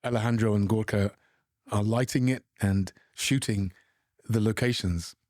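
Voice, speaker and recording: A man's voice: fairly low pitch, steady tone, a little mellow, no echo, studio quality. A middle-aged British man from England, an actor answering interview questions in a reflective way with frequent restarts. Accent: British English. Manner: reflective, halting with repeated restarts. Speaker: actor guest.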